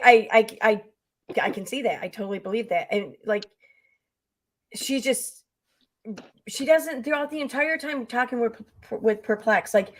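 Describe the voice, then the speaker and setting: A woman hosting a casual livestream chat over a computer mic, talking in halting restarts. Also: a little high. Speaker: host. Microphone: computer mic on a streaming platform.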